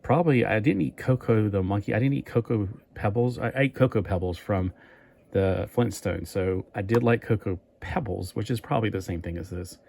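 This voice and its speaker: A man's voice: on the low side, fairly quick, vocal fry, a little mellow, slight background noise. A man chatting casually in a toy review vlog, rambling and thinking aloud as he goes.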